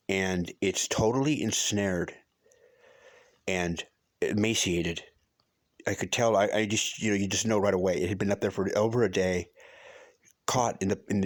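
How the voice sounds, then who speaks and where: A middle-aged man recounts a personal story casually and ramblingly, often restarting, using many fillers and swearing for emphasis. His voice sits low, with no room sound.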